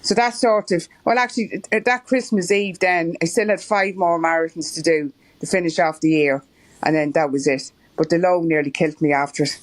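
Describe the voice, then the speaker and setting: A woman's voice: lowish voice, fairly even intonation, brisk. Irish lady guest, middle-aged, rambly casual chat, laughs a lot. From Ireland. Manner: chatty, rambling, laughs often. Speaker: marathon runner guest.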